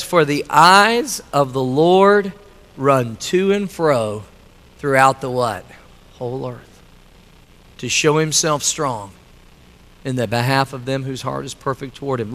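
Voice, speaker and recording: A man's voice: mid-range voice, a bit bright, big-room sound. A middle-aged male pastor preaching a sermon, emphatic and repetitive, telling a story for a laugh. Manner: emphatic, repeating lines, telling a joke story. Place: church sanctuary.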